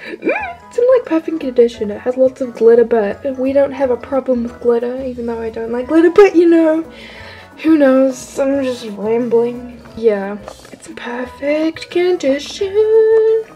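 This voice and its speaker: A woman's voice: high-pitched, lively intonation, a little slow, dark tone, highs cut off, soft background music. A teenage girl vlogger gushing and rambling as she unboxes toy figures from a trade package. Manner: gushing, rambling, lots of "like" and "oh my gosh". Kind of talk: excited unboxing haul.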